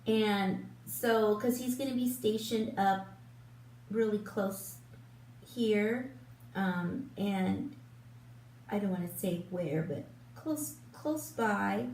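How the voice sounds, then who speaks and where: Fifties woman, beauty vlogger, slow rambling chat, echoey room, off-mic. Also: medium pitch, a little mellow. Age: 50s. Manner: chatty, rambling, with frequent ums and restarts. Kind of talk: casual get-ready-with-me chat. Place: room at home in front of a big lit mirror. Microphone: camera a little way off, turned sideways. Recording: roomy echo, voice a bit distant from the mic.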